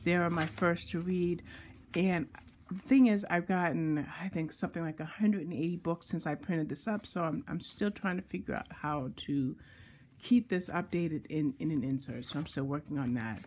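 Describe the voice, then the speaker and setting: A woman's voice: deep voice, darkish tone. A woman book blogger chatting casually as she shows her planners, often stopping to correct herself. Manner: chatty, self-correcting, reads lists slowly. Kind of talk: casual show-and-tell vlog.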